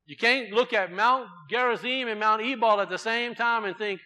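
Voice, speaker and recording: A male preacher delivers a sermon in a high, bright, forceful voice. He swings between loud proclaiming and quiet, low asides, and he often repeats his words for weight. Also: normal speed, poor audio.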